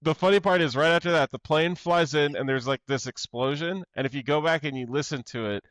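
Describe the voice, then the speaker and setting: Man, podcast co-host, excitable, casual movie chat, slightly high voice, dry close sound. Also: fairly quick, no echo. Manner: excitable, swears, shares trivia.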